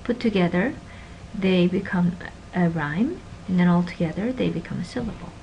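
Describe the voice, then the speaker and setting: A woman teaching a linguistics class, stressing example words with energy and dropping into quiet asides. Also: on the low side, normal speed, highs cut off, slight background noise. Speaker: linguistics lecturer. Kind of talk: recorded classroom lecture.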